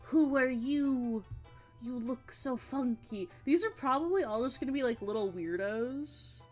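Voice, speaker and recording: A woman chatting casually on a livestream while she draws, gushing and giggling, with bursts of excitement and casual swearing. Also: high-pitched, unhurried, faint music behind. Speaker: art streamer.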